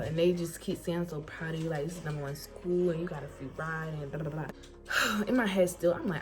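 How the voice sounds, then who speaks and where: A young woman from Florida telling a casual storytime about getting into college, animated and colloquial, acting out what people said. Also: sits low, fairly quick. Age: young adult. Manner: animated, colloquial, acts out quotes. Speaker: incoming college student. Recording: music playing behind voice.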